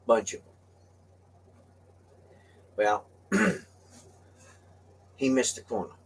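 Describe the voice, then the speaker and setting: A man's voice: lowish voice, very slow, husky. An older man on a talk show, telling a rambling story with frequent laughs. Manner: rambling, laughs often, acts out voices in quotes. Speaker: show guest telling stories. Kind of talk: casual storytelling. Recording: voice a bit far from the mic.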